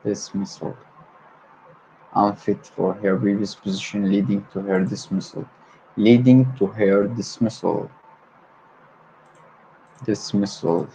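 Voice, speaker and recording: Low-voiced guy, arabic native, livestreaming english word practice, keeps repeating words, faint hiss in the background. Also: level tone, slow, long pauses, dark tone, low-quality recording. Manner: repeats words over and over, stumbles and corrects himself. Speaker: language learner hosting a livestream. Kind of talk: solo livestream vocabulary practice.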